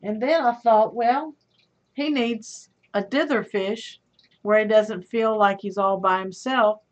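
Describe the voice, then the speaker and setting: Taking things slowly in a mid-range voice, a middle-aged woman hosts a livestream where she reads viewer comments and chats, calling people honey and sweetheart. The stream's audio is dull and lo-fi.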